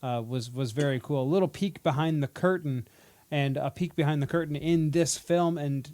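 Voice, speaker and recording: A man's voice: on the high side, moderate pace, darkish tone. A man co-hosting a casual movie podcast, summarizing a film and joking around. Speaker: podcast co-host. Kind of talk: casual movie review chat.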